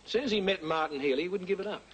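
An actor playing a gloomy, grumbling husband in the style of 1980s TV soap acting. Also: male voice, high-pitched, very fast, slight background noise, natural voice. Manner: grumbling, brooding. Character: gloomy, worried middle-aged husband.

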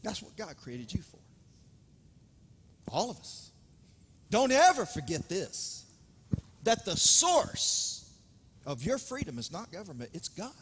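A man preaching a sermon with dramatic swings between loud emphasis and hushed asides. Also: high voice, big pitch swings, slow, long pauses, breathy edge. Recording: reverberant hall, speaker off-mic at times.

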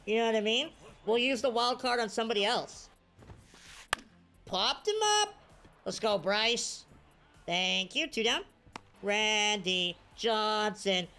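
Excitable woman gamer, high voice. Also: normal speed, vocal fry, faint music behind. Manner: excitable, hypes up and scolds her players. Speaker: gamer commentating her own play. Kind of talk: casual gameplay commentary.

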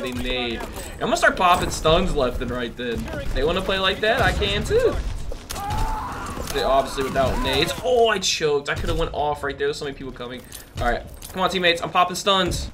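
A man's voice: on the high side, lively intonation, normal speed, noisy background. A young man giving chatty, slang-filled live commentary over his gameplay, often exclaiming and laughing. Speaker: gaming youtuber.

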